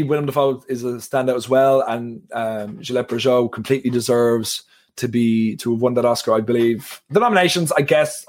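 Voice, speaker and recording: Male podcast host, casual film chat, rambling, mid pitch. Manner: rambling, many fillers like "like".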